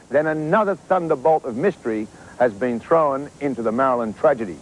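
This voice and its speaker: A man's voice: medium pitch, lively intonation, fairly quick, slight background noise, poor audio. A man narrating a TV investigative report in a scripted, dramatic, emphatic way.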